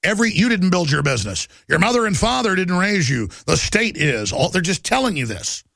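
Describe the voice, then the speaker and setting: A man's voice: high-pitched, very animated, gravelly, fairly bright tone, no room sound, studio quality. A man hosting a radio and TV talk show, delivering an agitated, emphatic political monologue. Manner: agitated, ranting, fast and emphatic.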